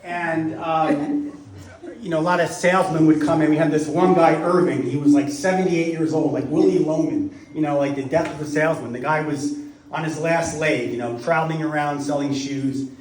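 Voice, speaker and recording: A middle-aged man tells rambling party jokes from a distance, his voice sitting fairly high and bouncing around a roomy studio space. He chuckles his way through the stories, loose and unrehearsed. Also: fairly even intonation, normal speed, a little mellow, slight background noise. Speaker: party guest telling jokes. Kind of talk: stand-up joke telling at a party. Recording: roomy sound from a distant mic.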